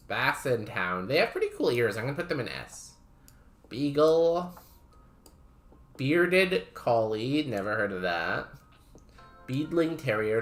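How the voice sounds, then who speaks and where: A man streaming a game, chatting casually and musing aloud in a wry, unhurried way. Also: mid-range voice, a bit bright. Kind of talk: casual livestream chat.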